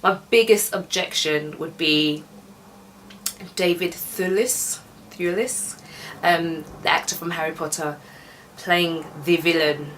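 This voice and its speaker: A woman's voice: sits low, steady tone, unhurried, few pauses, a bit bright, recorded from a distance, a little hiss or hum. A young woman giving a casual, chatty, opinionated film review, laughing as she goes.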